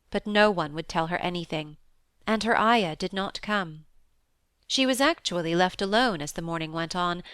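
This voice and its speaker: Smooth-voiced woman narrating a classic novel. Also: medium pitch, no echo. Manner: measured, even storytelling. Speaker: audiobook narrator. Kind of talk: scripted narration.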